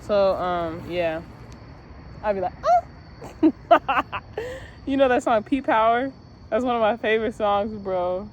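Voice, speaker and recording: A woman's voice: mid-range voice, normal speed, slight background noise. Young woman rambling outdoors, cursing. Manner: loose, profane, laughing, musing aloud. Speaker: vlogger. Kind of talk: rambling casual vlog. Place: outdoors, seated in a parking lot.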